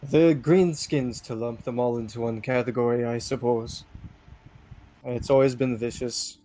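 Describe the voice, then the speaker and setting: A man's voice: medium pitch, steady tone, measured pace, warm tone, close to an everyday voice. A man voicing a stern female Viking paladin warrior, speaking bluntly and matter-of-factly in a tabletop game. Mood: plain.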